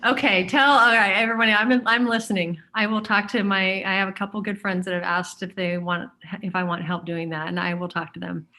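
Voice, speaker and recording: Woman guest chatting, lots of ums and pauses, keeps hunting for the right word. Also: medium pitch, fairly even intonation, bright, forceful tone. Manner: hesitant, searches for words with many fillers. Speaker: interview guest. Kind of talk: casual conversation.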